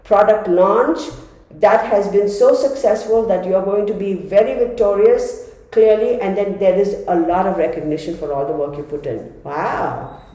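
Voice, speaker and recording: This tarot reader, a woman with a medium-pitched, dark voice, speaks at a normal speed while giving her viewers a casual, chatty reading. She laughs often, and the room she's in is very echoey.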